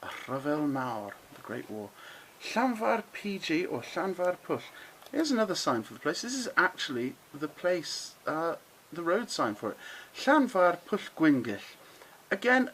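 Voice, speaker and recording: A middle-aged man hosting a casual lesson, chatty and encouraging, who slows right down to sound out words with care. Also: fairly high pitch, a bit bright, rough recording. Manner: chatty, encouraging, drawn-out careful pronunciations. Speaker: model railway channel host. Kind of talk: casual explainer to camera.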